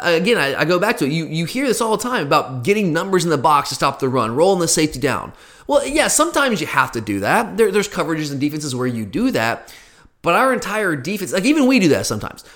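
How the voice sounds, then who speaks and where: Male podcast host, somewhat high voice, earnest solo explainer who circles back and repeats points. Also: a bit bright. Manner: earnest, repeats himself, talks directly to listeners.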